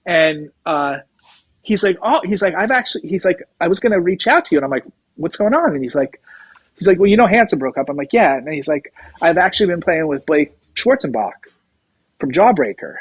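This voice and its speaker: Middle-aged male guest, rambling storyteller, slightly high voice, dry close mic. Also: expressive, fairly quick, breathy edge, dry recording, rough recording. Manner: rambling anecdotes, acts out quoted dialogue. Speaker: guest musician, drummer. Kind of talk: casual storytelling interview.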